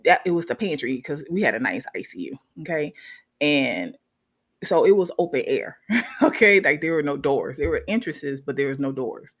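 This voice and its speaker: A woman, a nurse, telling a story casually to her viewers in an animated way, often checking in with them. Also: deep voice, normal speed.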